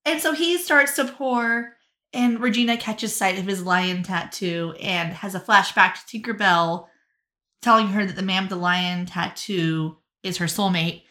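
Female podcast co-host, bright tone, animated recap with quick character voices. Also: mid-range voice. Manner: lively, acts out characters' lines in quick voices. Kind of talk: casual chat, recapping with acted quotes.

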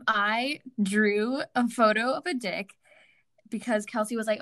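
A woman's voice: medium pitch, normal speed, a bit bright, no echo, clean studio sound. A woman co-hosting a podcast, telling a story casually with lots of fillers and laughter. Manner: giggly, filler-heavy storytelling. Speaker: podcast co-host.

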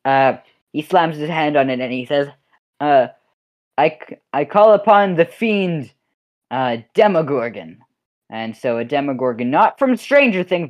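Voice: medium pitch, lo-fi sound. A game master narrating a tabletop game in a loose, rambling way, full of restarts and filler. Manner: rambling, with frequent restarts and laughs.

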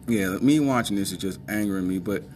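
A man from the Midwest hosting a podcast, doing casual comedic commentary in an animated, exasperated way and talking straight to his listeners. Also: deep voice, brisk, a little hiss or hum. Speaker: podcast host.

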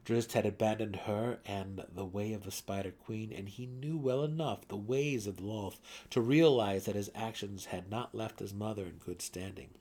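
A man giving a dramatic reading of a fantasy novel, swelling louder and sinking to hushed tones, with a husky voice. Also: lowish voice, normal speed, hardly any pauses. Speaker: audiobook narrator.

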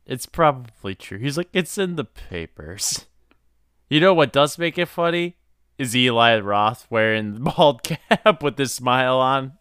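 Male podcast co-host, smooth and clear voice, dry close sound, hesitant casual reactions. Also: medium pitch, normal speed, fairly bright tone, dry recording. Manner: hesitant, filler-heavy reactions. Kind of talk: casual chat.

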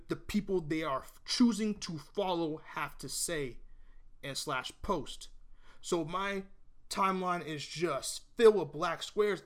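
A man venting his opinion to camera in a blunt, emphatic rant, swearing freely and repeating himself as he argues. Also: sits high. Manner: repeats and restarts phrases while arguing. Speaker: vlogger.

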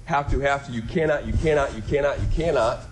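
A man's voice: medium pitch, fast, a little hiss or hum. Conversational middle-aged male pastor preaching. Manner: conversational, repeats words, rising emphasis. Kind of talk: sermon.

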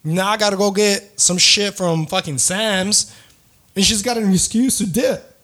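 A man's voice: sits high, measured pace, sharp tone. A man in his thirties, hosting a podcast, telling a rambling dating story with lots of swearing, slang and some Spanish. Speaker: podcast host. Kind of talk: casual storytelling.

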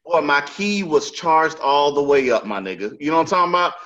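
A man's voice: a little high, expressive, fairly quick, pushed and bright, lo-fi sound. A male podcast host telling a story in casual chat, emphatic and profane, with heavy street slang.

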